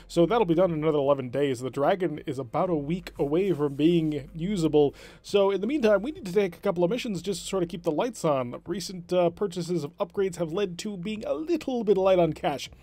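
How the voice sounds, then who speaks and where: A man's voice: fairly high pitch, animated, quick pace, mellow, no room sound. A man commentating his own strategy game session, thinking aloud and explaining tactics. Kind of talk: let's-play commentary.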